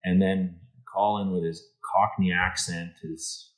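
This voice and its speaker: A man from Canada, a guest in an interview, telling a story with lively acted-out dialogue and many restarts. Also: sits low, a little slow, low-quality recording. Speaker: interview guest, insurance executive.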